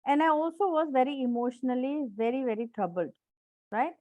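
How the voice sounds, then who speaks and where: Encouraging woman coach, high dry voice. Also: animated, fairly quick, darkish tone, no echo. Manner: encouraging, repetitive, asks the class questions. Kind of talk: live online class on self-management.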